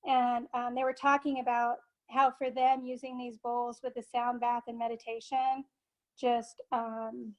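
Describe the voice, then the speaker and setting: A woman speaks as a guest in a relaxed podcast interview, pausing often with fillers as she gathers her thoughts. Her voice sits high. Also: poor audio. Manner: halting, many filler pauses. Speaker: guest sound therapist and forest guide. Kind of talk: casual interview chat.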